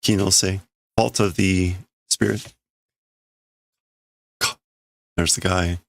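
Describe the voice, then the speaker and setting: A man's voice: sits low, steady tone, slow pace, creaky, dry recording, clean studio sound. A man hosting a casual livestream, thinking aloud as he reads and translates a manga. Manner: musing, thinking aloud, laughs softly. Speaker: livestream host.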